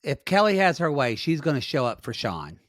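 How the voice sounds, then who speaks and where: Sassy man with a lively voice. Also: a little high, fairly quick, no echo, clean studio sound. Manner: sassy, wry commentary, addresses listeners as y'all. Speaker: podcast co-host. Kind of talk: casual chat recapping reality TV.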